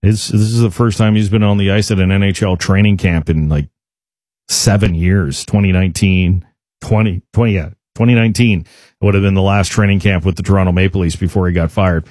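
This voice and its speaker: A man's voice: low voice, steady tone, fairly quick, darkish tone, no echo, clean studio sound. A man hosting a sports radio show, talking in an emphatic, indignant way with frequent restarts. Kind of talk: opinionated sports talk.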